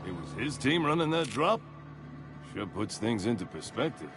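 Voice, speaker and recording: A man voicing a weary male worker in a video game, talking in a low, offhand murmur. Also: very animated, normal speed, lightly acted. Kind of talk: video game ambient dialogue. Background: game music.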